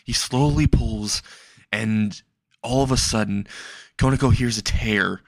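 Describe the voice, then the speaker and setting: A young man narrating a dark fan fiction story in a slow, halting way. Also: no echo, clean studio sound. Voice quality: low, gravelly voice.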